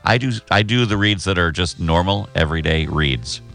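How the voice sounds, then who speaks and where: Man, radio host, very low voice, lively swings in pitch, folksy and chatty, faint music underneath. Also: normal speed, vocal fry. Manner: folksy, chatty, self-deprecating. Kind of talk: casual radio banter.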